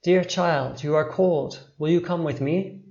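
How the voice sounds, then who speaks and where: Guy playing a gentle old merchant, soft and kind, roomy bedtime story sound. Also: fairly high pitch, a little slow, highs cut off.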